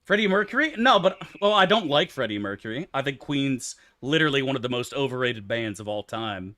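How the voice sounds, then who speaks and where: A man's voice: medium pitch, animated, fairly quick, bright, forceful tone. A man streaming a game, answering his chat in loose, profane, rambling banter. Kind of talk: casual livestream chat, answering chat.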